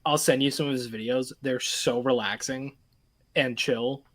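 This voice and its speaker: A young man co-hosting a podcast in a relaxed, agreeable way, laughing easily as he chats. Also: mid-range voice, unhurried. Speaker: podcast co-host. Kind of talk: casual chat.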